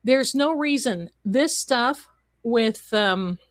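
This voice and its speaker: Slow-talking woman livestream host. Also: fairly high pitch, animated, dry recording. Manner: chatty, rambling asides. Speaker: host of a live show. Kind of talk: casual livestream chat.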